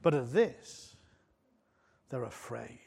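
A man's voice: medium pitch, expressive, slow pace, gravelly, a little mellow, husky. A man preaching a sermon in church, conversational and often putting questions to the congregation.

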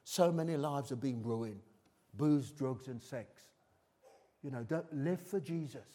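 A middle-aged man preaches a live sermon before a congregation in a church hall, in a warm, mid-range voice at a slightly slow pace. He's chatty, teasing his listeners between points and posing many rhetorical questions.

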